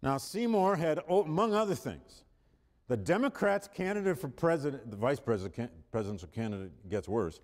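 Very animated and brisk, a history professor with a medium-pitched, slightly mellow voice lectures emphatically to a large hall. He revises his phrasing on the fly, reads quotes with mounting force, and coughs now and again amid the room's reverb.

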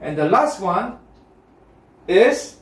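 Roomy classroom teacher, higher male voice. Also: sing-song, very slow. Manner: checks in often with students, repetitive and encouraging. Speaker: English test teacher. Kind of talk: classroom lesson. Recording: roomy classroom, mic far off.

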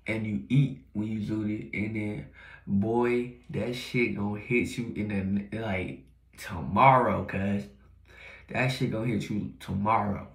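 Young man, rough gravelly voice, roomy echo, casual slangy rambling, swears a lot. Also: fairly low pitch, fairly even intonation, takes it slowly. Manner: slangy, profane, rambling, repeats himself. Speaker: vlogger.

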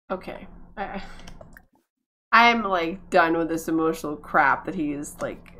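A woman's voice: low-pitched, a little slow, pauses often, sharp tone. A woman giving casual, chatty commentary as she plays a life-simulation game. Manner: chatty, reacts aloud to the game. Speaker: gaming video host.

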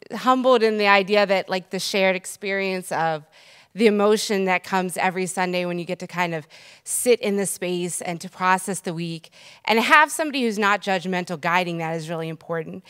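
A woman's voice: mid-range voice, moderate pace, pushed and bright, clear, resonant tone. A young woman giving a chatty, emotional tribute in a church, with slang and asides. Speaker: congregation member giving a tribute. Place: church sanctuary.

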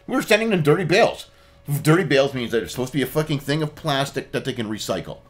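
A man's voice: medium pitch, lively intonation, fast. Man, guest, cursing rant with a voice that jumps up and down. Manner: profane, ranting. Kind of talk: casual podcast chat.

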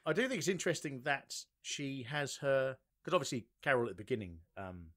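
A man's voice: medium pitch, sing-song, brisk, a bit bright. A man, co-hosting a podcast in casual chat, joking and laughing often as he talks. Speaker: podcast co-host.

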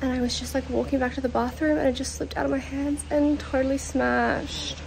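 A woman's voice: high voice, steady tone, a little fast, creaky, darkish tone, a little hiss or hum, rough recording. A young woman vlogging casually on a trip, talking with lots of "like" fillers and open emotion, filmed on a phone outdoors. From Australia. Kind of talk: casual travel vlog. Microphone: phone held at arm's length.

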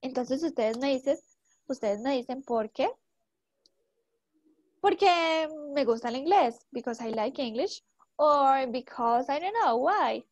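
A woman's voice: high-pitched, lively intonation, a little slow, a little mellow, no echo, muffled recording. A young woman teaching an English class to students, asking many short questions and switching into Spanish to explain.

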